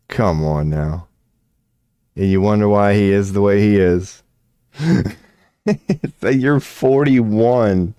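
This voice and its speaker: A man's voice: lowish voice, dark tone, dry recording, clean studio sound. A man streaming a casual rant, profane and mocking, with a drawling delivery at his computer.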